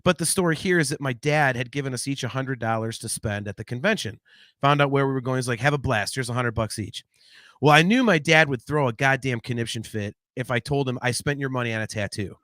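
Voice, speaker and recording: A man in his forties, co-hosting a podcast, who tells family stories in a lively, laughing way and reads out chat comments. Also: mid-range voice, quick pace, no room sound, studio quality. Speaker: podcast co-host.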